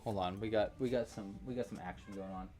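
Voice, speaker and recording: A man's voice: fairly low pitch, steady tone, quick pace, mellow, faint music behind. A man hosting a live crochet-along, chatting casually and joking while he thinks aloud about his work. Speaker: livestream crochet host.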